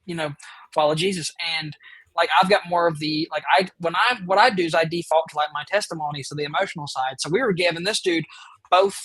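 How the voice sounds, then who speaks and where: A man's voice: on the high side, quick pace, fairly bright tone, dry recording, low-quality recording. A man hosting a podcast, telling a story in casual chat, rambling and eager with lots of fillers. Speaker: podcast host.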